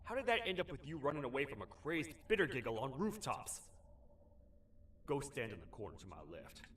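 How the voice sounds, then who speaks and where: An actor playing a short-tempered sheriff creature in a video game. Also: male voice, medium pitch, very animated, brisk, a little hiss or hum. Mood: stern. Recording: roomy distant game audio with loud music.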